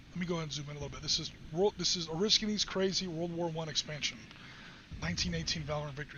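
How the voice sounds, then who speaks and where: A man's voice: fairly high pitch, pushed and bright. A man hosting a live wargame stream, chatting, joking and explaining rules in a casual way. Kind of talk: casual chat while explaining game rules. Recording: slightly dull stream audio with faint hiss.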